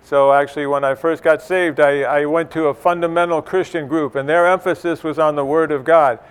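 Middle-aged male church speaker, clear resonant tone, slightly high, chatty, rambling delivery. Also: steady tone, fairly quick. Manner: conversational, many fillers and restarts. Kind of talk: informal church teaching.

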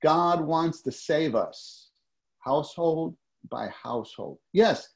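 A man's voice: mid-range voice, a little mellow. A middle-aged man preaching a sermon to a congregation, talking in a conversational way, asking them questions and repeating key phrases.

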